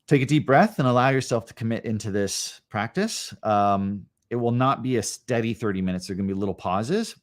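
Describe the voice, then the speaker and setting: Man, lowish voice, meditation teacher, calm and slow guidance, repeats short phrases, live stream. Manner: calm, unhurried guidance with long pauses; repeats short affirmations slowly. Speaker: educator leading a live session. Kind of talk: guided meditation lesson. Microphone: live stream setup.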